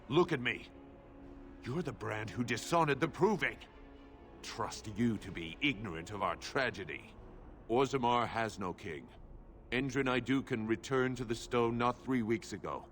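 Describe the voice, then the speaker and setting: A proud dwarf gatekeeper speaks in a curt, grave, official tone. His voice sits at a plain middle pitch. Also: animated, measured pace, a bit bright, soft background music. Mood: stern. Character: stern, proud dwarf gate guard. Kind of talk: video game voice acting.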